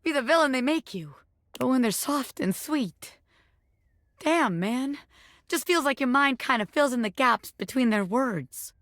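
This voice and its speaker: A brash little bobby-pin gangster in a video game, talking tough and streetwise with a soft core showing through. The voice sits fairly high and swings widely in pitch. It is recorded dry and close. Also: female voice, expressive, a little slow, dry recording. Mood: wistful. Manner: tough streetwise talk, tender underneath.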